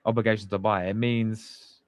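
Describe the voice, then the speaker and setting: A man's voice: lowish voice, little pitch movement, moderate pace, clean tone, no echo. A young man hosting a live fan stream, chatting casually and greeting viewers by name in slangy talk. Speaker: fan channel host.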